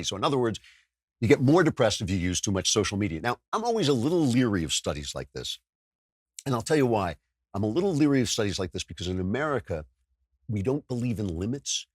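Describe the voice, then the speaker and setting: Husky, lively-voiced male commentator. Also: fast, dry recording, clean studio sound. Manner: wry, sardonic, with sudden jumps in pitch. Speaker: political commentary podcast host. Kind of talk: opinionated monologue.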